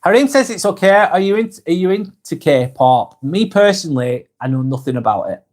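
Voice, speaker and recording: A man in his forties with a Lancashire accent, talking on a live stream in a voice a touch higher than most men's. He reads viewer comments aloud in a casual, friendly way and often stops to restart or correct himself. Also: animated, moderate pace, darkish tone. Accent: Lancashire English. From England. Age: 40s. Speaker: live vlog host.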